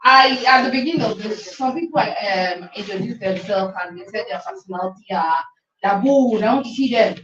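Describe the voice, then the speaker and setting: A woman's voice: medium pitch, animated, moderate pace, fairly bright tone. A woman coach opening a school session, teasing the shy students and breaking into song. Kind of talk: classroom teaching session. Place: school classroom. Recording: echoey, dull, from far off.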